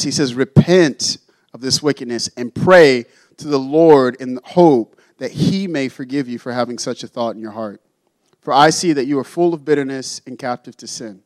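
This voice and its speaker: A young man with a high voice preaches a sermon, talking to his congregation like friends and slipping into casual voices for the figures in his story. The sound is close and dry, with almost no room around it. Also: no echo, low-quality recording. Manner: conversational, acts out Bible figures in casual voices. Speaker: pastor.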